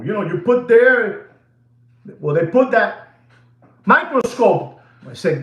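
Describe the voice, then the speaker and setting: A man's voice: very high voice, slow pace. A man hosting a watch channel, ranting theatrically to his viewers and slipping into asides. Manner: excitable, theatrical, slips into Spanish asides. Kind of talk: animated rant to viewers. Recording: roomy echo.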